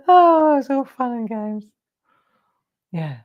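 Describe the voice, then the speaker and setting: An English woman with a fairly low, slightly mellow voice hosts a live crafting show. While she crafts, she tells rambling anecdotes and laughs often.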